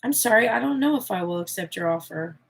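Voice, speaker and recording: A woman giving a channeled tarot reading in a candid, expressive way, swearing freely as she speaks. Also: mid-range voice, fast talker, gravelly, breathy edge. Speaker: tarot reader.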